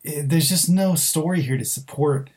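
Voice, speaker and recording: A man's voice: a little high, normal speed, a little mellow. A man co-hosting a film review podcast, talking in blunt, exasperated casual chat with frequent swearing.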